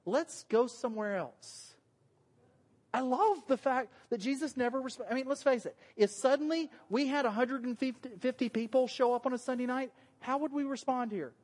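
A man's voice: very high voice, fairly quick, few pauses, a little mellow, in a large hall. Joking Southern preacher man. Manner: joking, conversational, self-deprecating. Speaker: pastor. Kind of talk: sermon. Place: church meeting room.

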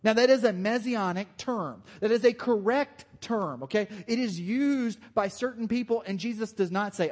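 A man's voice: high voice, measured pace. A man preaching a sermon as pastor, talking in a loose, conversational way and joking with his congregation. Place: church hall with long reverb. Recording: long hall reverb.

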